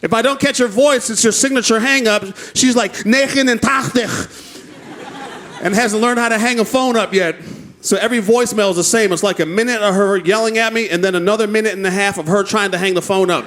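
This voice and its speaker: A man doing stand-up comedy, telling stories in a lively, profane way on a club stage with a handheld mic. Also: sits high, fast talker. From United States. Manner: animated, profane storytelling. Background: audience laughter.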